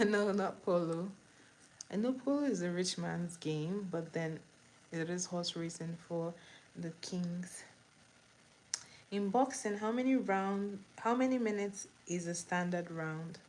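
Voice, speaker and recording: Slow-talking woman hosting live trivia. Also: on the low side, darkish tone, a little hiss or hum, rough recording. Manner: slow, repeats questions, laughs easily. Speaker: livestream host. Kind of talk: casual live trivia chat while doing makeup.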